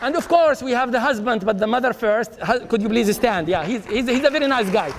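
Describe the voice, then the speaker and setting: A high-voiced man, a dean, hosts an awards ceremony in a large, reverberant auditorium full of people. His brisk, gravelly delivery stays upbeat as he names honorees and leads applause over noisy background sound.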